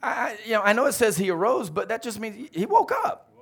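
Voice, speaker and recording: Animated preacher quizzing his congregation. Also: high voice, fast talker, vocal fry, husky. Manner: animated, calls out questions to the congregation. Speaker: pastor. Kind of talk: sermon.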